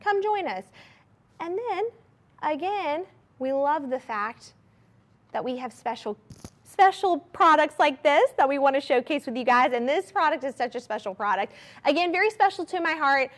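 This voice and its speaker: A woman hosting a live shopping channel, pitching products to viewers in an upbeat, chatty way. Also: animated, normal speed. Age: adult mother of a young child. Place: TV studio.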